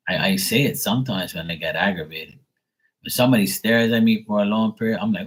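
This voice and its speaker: A man's voice: on the low side, normal speed, pauses often, husky, low-quality recording. A man chatting casually on a live stream, rambling and swearing with lots of fillers. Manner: rambling, profane, with many fillers. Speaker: live stream tarot reader. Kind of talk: casual livestream chat.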